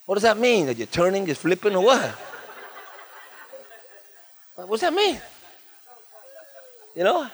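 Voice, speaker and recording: Animated pastor preaching with wide swings. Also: male voice, slow, long pauses. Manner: animated, swings from loud and high to soft and low; humorous asides, repeats phrases in a chant. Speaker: guest pastor. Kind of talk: lively sermon. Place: church.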